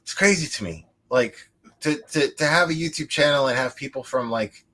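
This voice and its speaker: A man rambles loosely on his livestream, a little tipsy from drinking. His talk is full of restarts, swearing and laughter, and his pitch sits in the middle of the range. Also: normal speed, sharp tone, a little hiss or hum. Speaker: livestream host. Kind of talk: casual livestream chat.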